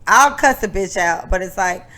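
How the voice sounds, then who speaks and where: A young adult woman co-hosting a podcast, telling a long story in casual chat, animated and profane, often laughing. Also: mid-range voice, normal speed. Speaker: podcast co-host.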